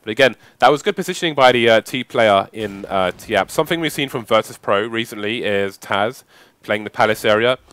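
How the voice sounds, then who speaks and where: A man's voice: on the low side, fairly quick, few pauses, a bit bright, smooth. A man giving analytical color commentary on a competitive shooter match, chatty and explaining positions. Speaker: esports caster. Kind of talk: live game commentary.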